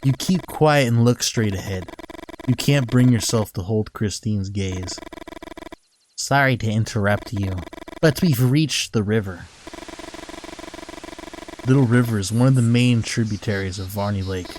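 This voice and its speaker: A man's voice: medium pitch, lively intonation, moderate pace, a little mellow, slight background noise, rough recording. A man playing a story game, reading its text aloud and breaking in with profane, mocking commentary. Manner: profane, swears often and mocks the characters. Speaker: let's play gamer.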